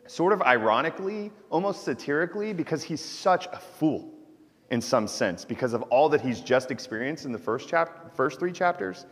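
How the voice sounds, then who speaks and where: A man preaching a sermon as pastor, in an informal, conversational way that often checks in with listeners. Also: medium pitch. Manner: conversational preaching with frequent "right?" asides. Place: church sanctuary. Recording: church hall reverb.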